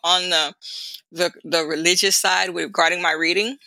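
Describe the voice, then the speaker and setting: A middle-aged woman recounting her childhood as an interview guest, in a bright, forceful voice. She tells it casually and chattily, talks straight to her hosts, and acts out the voices of people in her story. The sound is dry and close. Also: fairly low pitch, normal speed, gravelly, no echo, low-quality recording. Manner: animated, laughing storyteller who acts out voices.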